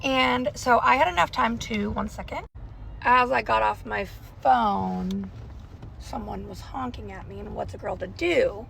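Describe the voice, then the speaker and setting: A woman's voice: fairly high pitch, a little slow, creaky, fairly bright tone, slight background noise, poor audio. A young woman telling a rambling, anxious storytime in a casual vlog, recorded on her phone while sitting in a car in a school pickup line. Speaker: parent vlogger. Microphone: phone held in car.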